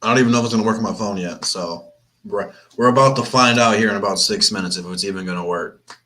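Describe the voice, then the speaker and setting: A young guy from Flint, Michigan runs a live sports watch-party stream, his fairly low voice coming out fast, bright and forceful. He chats casually and rambles, restarting often and repeating himself in a laid-back way.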